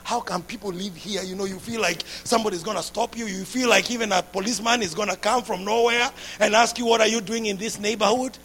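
A man preaching a sermon with passion, repeating phrases and building up to shouts. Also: high-pitched, fairly even intonation, fast, few pauses, a little hiss or hum.

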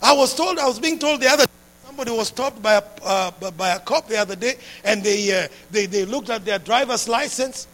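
Man, preacher, sermon, very high voice, bright tense tone, impassioned, climbs to shouting. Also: a little fast. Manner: impassioned, builds to shouting, repeats phrases.

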